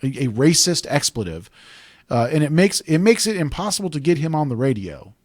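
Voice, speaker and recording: A man's voice: a little high, sing-song, fairly quick, a little mellow, no echo, clean studio sound. A man hosting a talk radio show, chatting casually and rambling into digressions.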